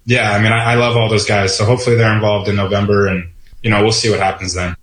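Halting low-voiced man in an echoey clip. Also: little pitch movement, a bit bright. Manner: halting, emotional, many fillers. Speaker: baseball player. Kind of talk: interview soundbite.

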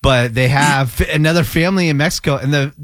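A man's voice: on the high side, brisk, a bit bright, no echo, clean studio sound. A man co-hosting a radio show, chiming in with jokey asides and stories about people he knows. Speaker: radio co-host. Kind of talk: casual radio banter.

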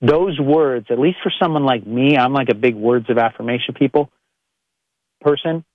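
A man's voice: mid-range voice, no room sound. Chiropractor guy giving a pep talk, earnest and blunt, dry dull-ish audio. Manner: earnest, direct, with frequent "like" fillers. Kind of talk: motivational podcast monologue.

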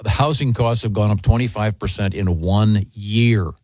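Man, low voice, radio host, relaxed ad read, dry studio sound. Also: no room sound. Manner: relaxed, halting with fillers. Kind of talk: morning radio chat and live ad read.

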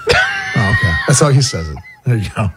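A man's voice: medium pitch, wildly swooping pitch, brisk, raised voice, loud music behind the voice. A man co-hosting a radio show in casual banter, needling the others with questions.

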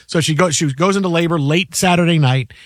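A high-pitched man in his forties hosts a sports talk show, telling stories in a loose, animated way and jumping into a loud, raised voice when he quotes someone. The sound is close and dry. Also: fairly quick, no room sound. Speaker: sports radio host. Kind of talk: casual sports talk and storytelling.

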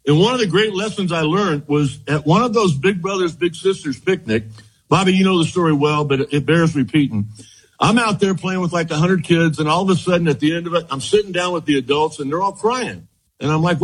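A middle-aged man, a former baseball pitcher, telling rambling anecdotes in an interview, quoting others and restarting his sentences. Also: fairly quick, husky, rough recording. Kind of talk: storytelling interview.

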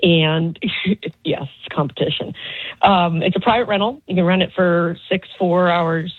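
A woman calling in to a radio show, describing her work in a relaxed, friendly way. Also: lowish voice, a little slow, dry recording. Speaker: caller. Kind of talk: casual phone chat. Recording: phone line.

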